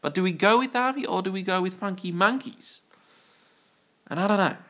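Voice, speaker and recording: A man from Australia hosting a live stream, with a bright, forward voice. He rambles playfully, trails off mid-thought and keeps restarting his sentences. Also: high voice, lively intonation, fairly quick. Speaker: livestream host.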